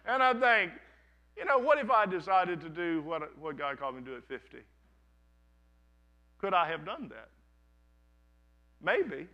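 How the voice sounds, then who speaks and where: Standing before his congregation in the sanctuary, a man in his thirties preaches conversationally, storytelling with frequent restarts and many pauses. His slightly high, bright, forceful voice moves at normal speed, and the recording's highs are cut off.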